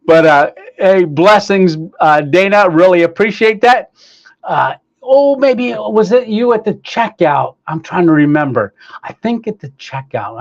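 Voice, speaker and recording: A man hosting a casual livestream, cheerfully greeting viewers by name and reading their comments, with many pauses and fillers. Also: high-pitched. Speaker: livestream host. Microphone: clip-on microphone, sometimes staticky.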